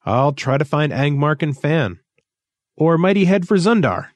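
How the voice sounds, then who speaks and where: A man's voice: fairly high pitch, sing-song, unhurried, no echo, pitched above the performer's own voice. A man voicing an anxious, harried male agent in a read-aloud story, with an urgent, bitter manner.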